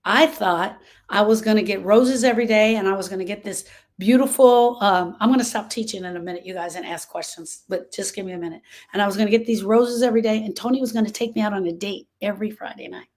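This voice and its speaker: A woman in her sixties, a grief coach, teaching a group in a lively, conversational storytelling way. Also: mid-range voice, fast talker.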